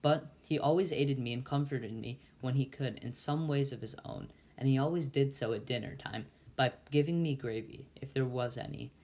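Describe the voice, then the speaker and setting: A man reads a classic novel aloud in a mid-pitched voice. He is a volunteer reader who stumbles often and restarts his words, with a halting delivery. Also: darkish tone. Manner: halting, with frequent slips and restarts.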